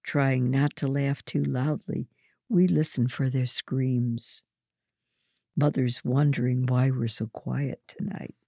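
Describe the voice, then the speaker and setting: A narrator reading a first-person story aloud in a slow, measured way. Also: medium pitch, fairly even intonation, gravelly, a little mellow, no echo, clean studio sound.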